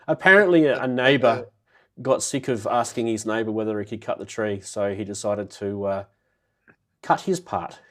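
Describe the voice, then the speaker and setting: A man hosting a live synth show in casual chat, his voice nasal and muffled from a cold, chatty and quick to laugh as he greets viewers by name. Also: lowish voice, fairly bright tone.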